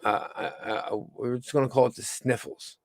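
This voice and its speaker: A tired man under the weather hosts a rambling live-stream news show from home, talking haltingly with many stumbles and restarts. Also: mid-range voice, steady tone, slight background noise. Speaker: host of a livestreamed news show.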